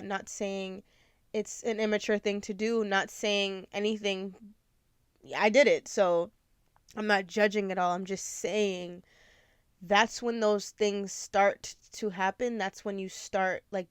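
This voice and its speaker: A woman's voice: medium pitch, smooth, dry recording. A woman in her twenties hosting a podcast, talking candidly and rambling with lots of fillers. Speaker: podcast host. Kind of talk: casual confessional chat.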